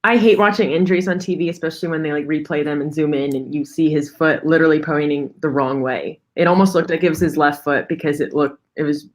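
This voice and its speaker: A young woman in her twenties talks sports as a guest, chatty and earnest, her speech full of "like." Her voice sits slightly low for a woman. She comes through a video call. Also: fairly even intonation, fast talker, hardly any pauses. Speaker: podcast guest. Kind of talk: casual sports chat.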